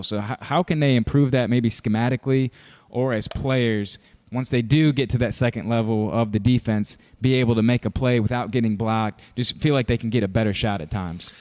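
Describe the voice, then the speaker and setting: Sports radio host asking long questions. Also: male voice, mid-range voice, darkish tone. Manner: asks long rambling questions with restarts.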